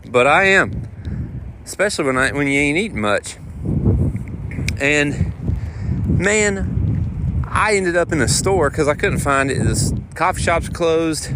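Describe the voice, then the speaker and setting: Rambling touring musician outdoors. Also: male voice, fairly high pitch, slow pace, pauses often. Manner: rambling, animated storytelling. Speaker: touring guitar player. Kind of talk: casual vlog storytelling. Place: outdoors on city streets. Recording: outdoor street noise and wind.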